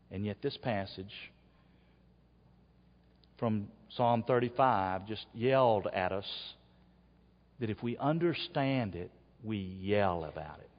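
Pastor preaching: slow and very expressive, a little husky, dull long-reverb church recording. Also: male voice, lowish voice. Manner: preaching that swings from quiet asides to loud shouts. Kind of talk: sermon. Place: church sanctuary. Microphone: wearable mic.

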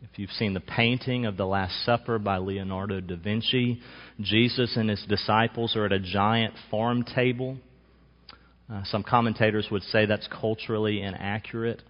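A man preaching a sermon in a measured, emphatic way, slowing down to stress key phrases. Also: fairly low pitch, steady tone, in a large hall, muffled recording. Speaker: pastor.

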